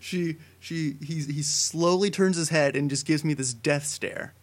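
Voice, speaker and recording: A young man co-hosting a casual podcast, telling a long story with many fillers that builds to excited shouting. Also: fairly high pitch, a little slow. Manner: rambling tall tale, building to excited shouting. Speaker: podcast co-host.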